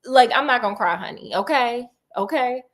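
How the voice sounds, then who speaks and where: A woman's voice: fairly high pitch, expressive, normal speed. A woman voicing a put-upon orphan boy who is weary but refuses to cry. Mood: defiant. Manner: weary, defiant, sassy.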